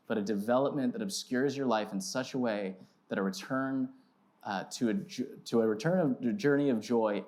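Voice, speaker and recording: A man in his thirties preaching as a pastor, telling a self-mocking story with big swings in his voice. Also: fairly low pitch. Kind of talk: storytelling sermon. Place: church sanctuary.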